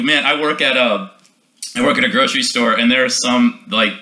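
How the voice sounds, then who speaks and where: A man's voice: mid-range voice, fairly quick, bright, forceful tone, roomy sound. A man hosting a podcast interview, joking and laughing a lot. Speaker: podcast host. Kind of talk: casual interview chat.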